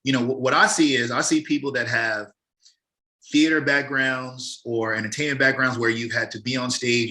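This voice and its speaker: A man's voice: medium pitch, bright, forceful tone. A man hosting a podcast, asking questions in an encouraging way and repeating words as he builds them. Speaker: podcast host. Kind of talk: casual interview talk.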